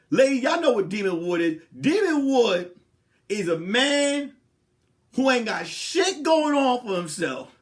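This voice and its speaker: A male comedian hosting a podcast, telling a profane, repetitive comic rant. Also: very high-pitched. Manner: animated, repetitive, profane storytelling.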